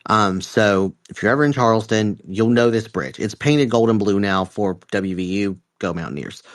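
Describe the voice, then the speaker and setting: A man's voice: on the low side, moderate pace, no echo. A man from West Virginia, telling a story casually on a podcast in a rambling, profane way with lots of fillers. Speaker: podcast host.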